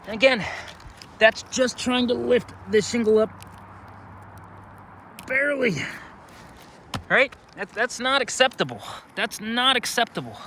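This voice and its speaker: A man's voice: very high-pitched, expressive, measured pace, creaky, long pauses, pushed and bright, slight background noise. A man, a roofing contractor, out of breath and exasperated as he walks through damage outdoors on a roof, explaining each point step by step. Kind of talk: on-site inspection walkthrough.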